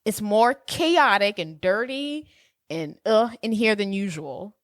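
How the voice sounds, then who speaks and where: A woman co-hosting a podcast in casual chat, animated and quick to laugh, acting out quotes as she retells scenes. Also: mid-range voice, no echo, studio quality. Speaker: podcast co-host.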